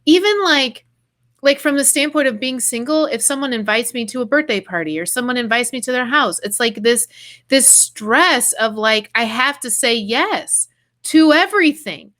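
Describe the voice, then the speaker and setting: A woman hosting a podcast, telling a personal story in animated casual chat with quick asides. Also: on the high side. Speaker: podcast host.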